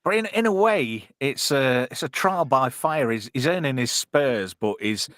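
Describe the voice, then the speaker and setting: A man hosts a relaxed live film watch-along as a podcast host, joking around, using plenty of fillers, and reading the chat out loud. His voice is medium in pitch with lively intonation and a fairly bright tone, delivered a little slowly. The recording is clean studio sound with no echo.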